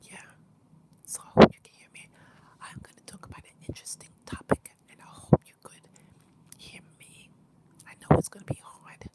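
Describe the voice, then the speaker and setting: Whispering woman with laryngitis. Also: a little mellow. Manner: whispered, with frequent pauses and fillers. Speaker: livestream host. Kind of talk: casual livestream talk. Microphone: mouth close to the mic.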